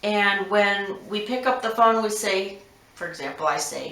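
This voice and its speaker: A woman's voice: mid-range voice, moderate pace, fairly bright tone. A woman massage therapist giving frank, numbered advice to her clients. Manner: frank, instructive, lists numbered tips. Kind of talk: direct advice monologue. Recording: roomy echo.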